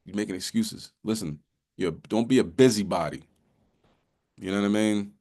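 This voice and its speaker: A man with a fairly low, dark-toned voice speaks at normal speed, giving a casual bible lesson as a religious teacher. His delivery is loose and conversational, with many restarts and lots of repeated "you know"s.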